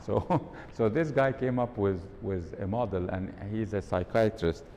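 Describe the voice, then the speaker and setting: A man's voice: a little slow, mellow. Man giving a workshop talk in a hall. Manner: interactive, quizzes the audience; demonstrates tones of voice. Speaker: workshop speaker. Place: event hall. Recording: long hall reverb, faint rumble.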